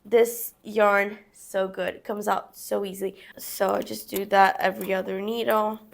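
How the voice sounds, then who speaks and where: In a gravelly mid-range voice with a level tone and moderate pace, a young crafting vlogger narrates her knitting step by step. It's casual how-to talk, more like chatting to herself as she works.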